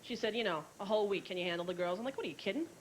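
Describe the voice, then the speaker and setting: A woman's voice: medium pitch, expressive, rapid-fire. A woman in her thirties doing a stand-up comedy routine before a live audience, brashly telling family stories and acting out her relatives. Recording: noisy VHS tape, loud audience laughter. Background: audience laughter.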